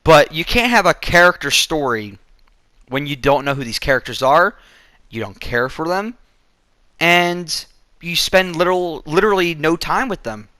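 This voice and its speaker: A man's voice: on the high side, animated, normal speed, bright, forceful tone, no room sound. A man giving a casual, profane, sarcastic rant in a movie review.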